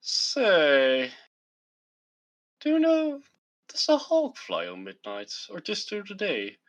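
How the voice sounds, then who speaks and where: A man's voice: sits high, wildly swooping pitch, takes it slowly, a bit bright, muffled recording, pitched above the performer's own voice, heavily acted. A man voicing a courteous male professor who speaks in a polite, quizzical way. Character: courteous male professor giving a code phrase.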